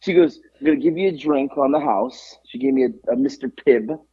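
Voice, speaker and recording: A man co-hosting a podcast, telling an animated story in casual chat and acting out both sides of the conversation. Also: medium pitch, a little fast, husky, dry recording, lo-fi sound. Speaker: podcast co-host.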